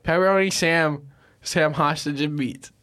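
A young man, a podcast host, chatting casually and crudely while high, making a prank call and laughing often. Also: a little slow, fairly bright tone. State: high, intoxicated. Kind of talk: casual chat, prank calling.

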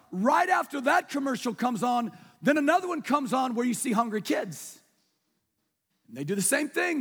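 A man preaching a sermon in a conversational way, asking his congregation questions and dropping to a hush for emphasis. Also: very high-pitched, husky. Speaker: pastor. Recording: long reverb of a large hall.

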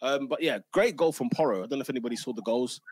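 Animated man hosting football banter. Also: medium pitch, no room sound. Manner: animated, quick restarts, slangy. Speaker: podcast host.

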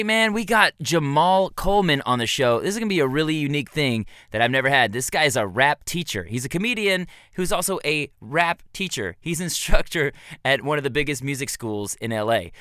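A man's voice: a little high, expressive, a little fast, hardly any pauses, pushed and bright, clear, resonant tone, dry recording. A man hosting a podcast, rattling off sarcastic comedic music news and chatting with a guest in a studio. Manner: sarcastic, jokey delivery. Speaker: podcast host. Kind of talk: comedic news rundown and interview.

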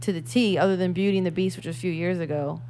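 A woman chatting casually about a movie, animated and swearing a lot as she acts out scenes. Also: lowish voice, rapid-fire, slight background noise. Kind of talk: casual chat, movie review.

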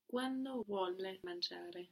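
Female learner, slow and careful delivery, answers drill prompts one at a time. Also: mid-range voice, gravelly, a little mellow. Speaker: language student.

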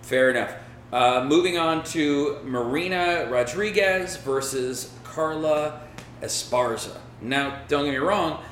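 A man's voice: fairly high pitch, takes it slowly, a bit bright, roomy sound, slight background noise. A man in casual banter as a podcast co-host, laid-back and rambling, swearing now and then. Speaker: podcast co-host picking fights. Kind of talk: casual chat.

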